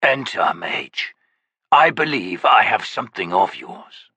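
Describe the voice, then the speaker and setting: A man doing a rasping, wheezing chained creature. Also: low-pitched, sing-song, bright, forceful tone, no echo, exaggerated voice. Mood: bitter. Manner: slow and menacing. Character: broken chained male creature, bitter and suffering.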